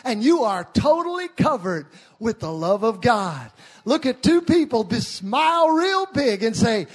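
A pastor preaching a sermon to a church, often shouting out with passion. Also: male voice, extremely high pitch, very animated, unhurried, husky.

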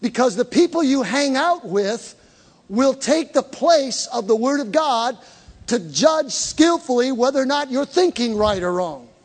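A man's voice: extremely high pitch, lively intonation, a little slow. A man preaching a sermon to a congregation, emphatic, repeating key words and drawing the crowd into call and response. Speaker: pastor. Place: church hall with live congregation. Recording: long reverb of a large hall.

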